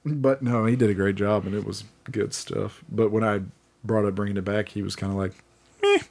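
A man's voice: lowish voice, fairly even intonation, brisk, gravelly, a little mellow. A man co-hosting a podcast in casual chat, joking, laughing often and swearing freely. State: drinking beer. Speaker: podcast co-host.

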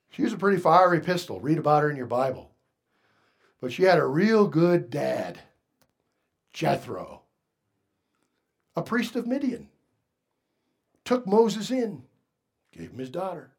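A man preaching a sermon, moving from quiet asides to raised, emphatic lines and asking the congregation questions. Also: sits high. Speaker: pastor.

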